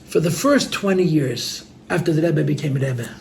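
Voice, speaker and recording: A man's voice: fairly high pitch, lively intonation, normal speed, creaky, darkish tone, a little hiss or hum. A man speaking as a rabbi to a gathering, telling stories in an earnest, heartfelt way, repeating his words and using Yiddish and Hebrew terms. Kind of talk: storytelling talk at a gathering. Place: room with listeners.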